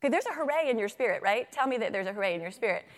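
A kindergarten teacher speaking at a faith talk into a microphone. She is lively and asks the audience to answer her. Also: a little high, racing. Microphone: handheld microphone. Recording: long reverb of a hall.

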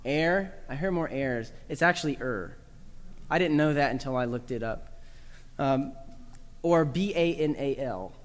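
A man's voice: mid-range voice, normal speed, big-room sound. A man from the American South giving a talk to a live audience about teaching children proper speech, with dry humor and spoken examples.

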